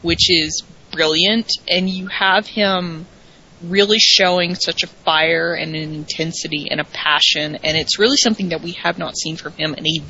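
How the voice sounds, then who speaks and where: A woman chats casually as co-host, eager and emphatic, stressing her points by repeating words. Her voice sits a little low but has a bright, forward edge. The recording sounds dull and lo-fi. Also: steady tone, moderate pace, slightly rough. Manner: enthusiastic, emphatic repetition. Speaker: podcast co-host. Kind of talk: casual wrestling recap chat. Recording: dull lo-fi audio.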